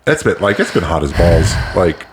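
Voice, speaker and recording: A man's voice: sits low, sing-song, moderate pace, a little hiss or hum. A man co-hosting a podcast, telling rambling stories in casual chat, swearing freely and restarting sentences. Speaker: podcast co-host.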